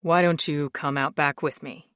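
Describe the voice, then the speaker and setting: A woman narrator voicing a guarded man who speaks low and steady. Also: moderate pace, clear, resonant tone, dry recording, clean studio sound. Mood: restrained, steady. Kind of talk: audiobook narration.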